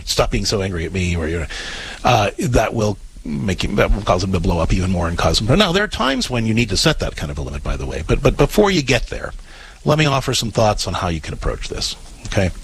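Male radio advice host, husky, earnest, explains patiently with frequent restarts. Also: on the low side, rough recording. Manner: earnest, explanatory, repeats words when starting sentences. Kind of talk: advice call-in talk.

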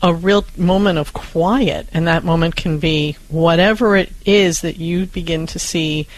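A co-host on a parenting advice show, speaking in a reassuring, calm and measured way. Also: medium pitch, no room sound, poor audio. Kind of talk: advice talk show discussion.

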